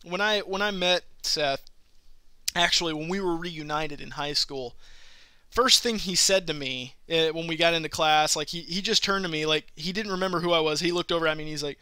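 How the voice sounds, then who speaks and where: Host, male, high, very bright voice, rambling animated storyteller, dry close sound. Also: brisk, smooth, no room sound. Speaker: podcast host. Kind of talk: casual gaming chat.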